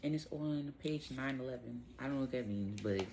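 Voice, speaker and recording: A woman hosting a casual devotional Bible talk, speaking in a relaxed, rambling way with lots of "um" and "like". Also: very deep voice, brisk, noisy background. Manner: relaxed, rambling, heavy use of fillers like "um" and "like".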